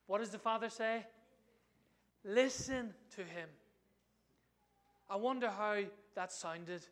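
Guy preaching a sermon, high voice, lively, keeps asking the crowd stuff. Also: takes it slowly, long pauses. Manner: animated, asks the congregation questions.

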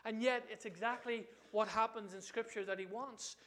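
A man preaching a sermon in an animated way, often asking the congregation questions. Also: high voice, moderate pace.

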